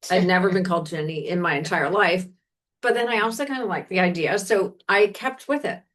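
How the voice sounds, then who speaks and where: A woman's voice: lowish voice, a little fast, fairly bright tone. A woman from Washington, D.C., co-hosting a podcast, chatting casually about books in a rambling way with frequent self-corrections. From Washington, D.C., United States. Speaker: podcast co-host recommending books. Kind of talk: casual chat.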